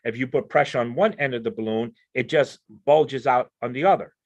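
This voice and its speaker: A man's voice: medium pitch, fairly quick. A man speaking on a discussion panel, explaining his ideas in an earnest way and often repeating words as he builds each point. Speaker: panel speaker on crime prevention.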